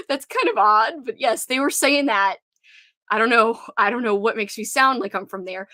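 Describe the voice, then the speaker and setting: Young woman, Cajun accent, giggly rambling livestream host, slightly high voice, dry close sound. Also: normal speed, bright, forceful tone, no echo. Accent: Cajun Louisiana. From Louisiana. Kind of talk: casual livestream chat.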